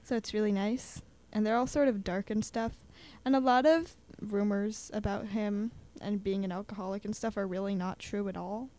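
A woman's voice: mid-range voice, fairly even intonation, normal speed, hardly any pauses, warm tone. A young woman chatting casually as a student guest, with lots of fillers, acting out little quotes as she talks. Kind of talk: casual chat about poetry.

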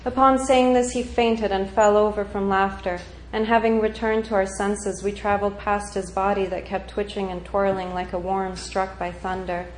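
A woman reading a surreal literary story aloud, with a calm, even storytelling delivery. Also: mid-range voice, moderate pace, hardly any pauses, a little hiss or hum. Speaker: narrator. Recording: echoey room with faint ambience.

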